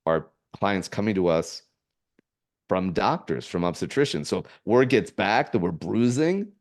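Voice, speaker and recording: A middle-aged man, a podcast guest, telling stories in a rambling way with halting restarts and chuckles. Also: deep voice, animated. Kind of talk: casual storytelling.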